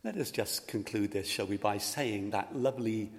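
A man's voice: on the low side, moderate pace. A man preaching a sermon, telling a story and speaking in a pastoral, reflective way to the congregation. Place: church. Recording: long hall reverb.

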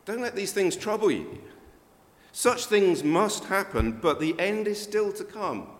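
A man's voice: sits high, expressive, unhurried. An older man preaching a sermon in a conversational way, with sudden emphatic rises. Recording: long reverb of a church hall.

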